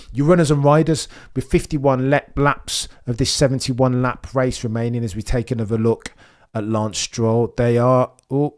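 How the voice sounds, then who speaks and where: A man giving excitable live watch-along commentary on a race and chatting with his viewers. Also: mid-range voice.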